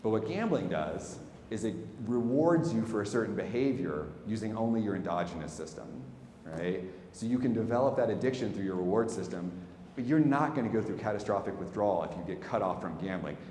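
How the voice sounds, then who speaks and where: A man giving a public talk, telling a candid personal story with wry asides and animated bursts. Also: on the low side, a little fast, a little hiss or hum. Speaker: speaker. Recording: echoey hall, faint ambience.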